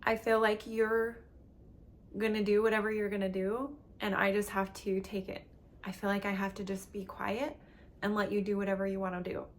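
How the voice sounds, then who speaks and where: A woman voicing her own heart as a hurt, resigned inner self, speaking softly and plaintively. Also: medium pitch, level tone, normal speed, close to an everyday voice. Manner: soft, plaintive, hushed.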